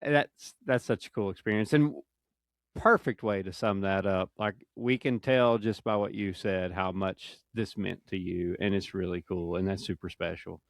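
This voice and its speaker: A man's voice: deep voice, steady tone, moderate pace, creaky, dry recording, clean studio sound. A man hosting a podcast in casual interview chat, friendly and enthusiastic, with lots of "like" fillers. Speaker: podcast host.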